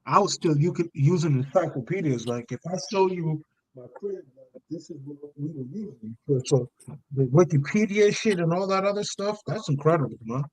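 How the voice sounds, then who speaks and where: A man's voice: a little high, normal speed, a little mellow, slightly rough, rough recording. A man co-hosting a casual boxing talk show, laid-back and arguing his points plainly. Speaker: boxing podcast co-host. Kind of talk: casual chat.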